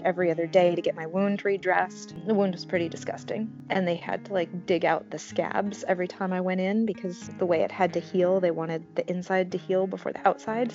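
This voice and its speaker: A woman with a fairly low voice tells a personal story frankly and casually, sprinkling in filler words and the odd curse. The recording sounds a bit muffled. Soft guitar music plays underneath. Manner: candid, conversational, frequent "like" fillers, swears.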